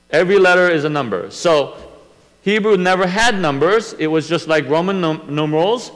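A man teaching a Bible lesson, explaining slowly and step by step, often restarting his sentences. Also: on the high side, a bit bright, long reverb tail, poor audio.

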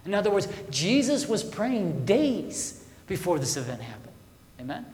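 A man's voice: high-pitched, very animated, moderate pace. Man preaching in an echoey hall. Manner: conversational, asks the listeners questions; swings between loud emphasis and soft asides. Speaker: pastor. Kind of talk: sermon. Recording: echoey hall with long reverb.

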